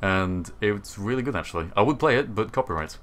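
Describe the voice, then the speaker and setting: A man's voice: lowish voice, lively intonation, brisk, fairly bright tone. A man co-hosting a livestream in easygoing casual chat, laughing often. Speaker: stream co-host.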